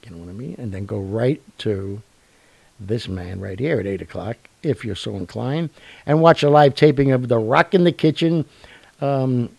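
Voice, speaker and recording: A man's voice: fairly low pitch, vocal fry, darkish tone, husky, no room sound. A man hosting a live online show, rambling and joking in casual chat. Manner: rambling, jokey, with fillers and laughs. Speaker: show host.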